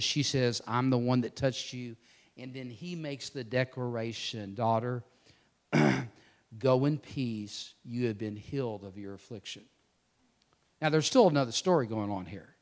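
A man preaching a sermon, swinging between loud emphatic declarations and hushed, intense passages. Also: mid-range voice.

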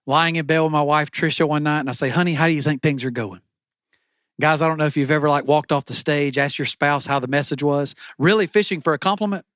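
A man's voice: a little high, quick pace, a bit bright, no echo. A middle-aged man preaching a sermon as pastor from a church stage, with an emphatic, repetitive cadence.

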